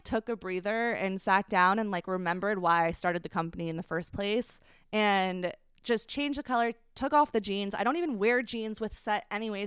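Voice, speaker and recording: A young woman, a company founder, telling an emotional personal story as a podcast guest, halting with many fillers. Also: medium pitch, a bit bright, clean tone, dry recording, studio quality. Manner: halting, many fillers, laughs while recounting.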